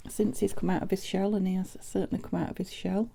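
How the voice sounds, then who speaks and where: A British woman chatting casually as she makes junk journal pieces, thinking aloud with soft half-whispered asides. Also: mid-range voice, little pitch movement, quick pace, vocal fry, background noise. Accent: British English. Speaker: craft vlogger. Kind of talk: casual crafting chat.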